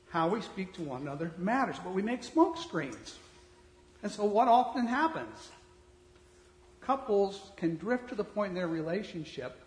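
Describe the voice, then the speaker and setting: A male pastor giving a sermon in a blunt, conversational manner, shifting between soft asides and loud emphasis. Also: a little high, a little hiss or hum. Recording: reverberant hall.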